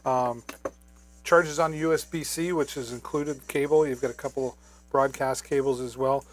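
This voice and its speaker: A man's voice: mid-range voice, fairly even intonation, normal speed, noisy background. Chatty man hosting a live shopping demo. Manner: casual, chatty, many fillers. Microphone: wireless microphone.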